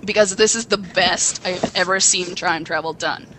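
A young woman co-hosting a podcast, excitedly rambling through a plot retelling with acted quotes. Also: lowish voice, moderate pace, noisy background. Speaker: podcast co-host. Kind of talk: casual chat.

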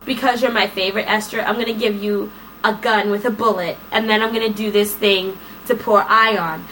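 A woman's voice: mid-range voice, steady tone, normal speed, bright, forceful tone, a little hiss or hum, lightly acted, low-quality recording. A woman voicing a manipulative male villain who lays out his cruel plan in a casual, offhand way. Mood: scheming.

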